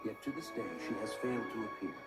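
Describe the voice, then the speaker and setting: A man voicing an aloof ancient beast adept who speaks in measured, archaic, formal sentences, in game dialogue. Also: on the low side, over loud music, lightly acted, poor audio. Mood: grave.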